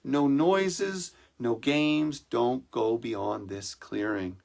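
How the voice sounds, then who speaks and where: A man's voice: medium pitch, very slow, creaky, darkish tone. A man voicing a stern, protective father warning his daughter.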